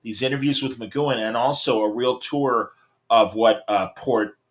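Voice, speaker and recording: A man's voice: medium pitch, steady tone, moderate pace. Male host, enthusiastic and rambling, video-call chat. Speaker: podcast host. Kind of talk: casual chat.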